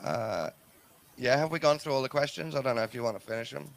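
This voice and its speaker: A man from England with an English accent, a musician guest in a casual interview, talking quietly with dry, wry humor. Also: medium pitch, fast talker, creaky, no echo, low-quality recording. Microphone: headphones and mic, remote link.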